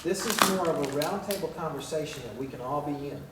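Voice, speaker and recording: A man's voice: a little high, lively intonation, fairly quick, hardly any pauses, echoey room, heavy background noise. A man, a paranormal investigator, talks tenderly to unseen spirits in a derelict hospital at night, pleading and calling them honey and sweetheart. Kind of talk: coaxing talk to unseen spirits.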